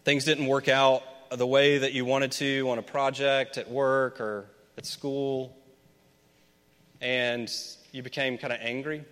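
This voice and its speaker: A man's voice: medium pitch, level tone, slow, fairly bright tone, clean tone. A man from Memphis preaching a conversational sermon as a pastor, chatting with the congregation and putting questions to them. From Memphis, USA. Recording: long reverb of a large hall.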